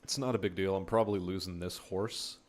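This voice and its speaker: A man's voice: deep voice, fairly even intonation, fairly quick, darkish tone. A man casually commenting while he plays a strategy game on stream, laid-back and swearing now and then.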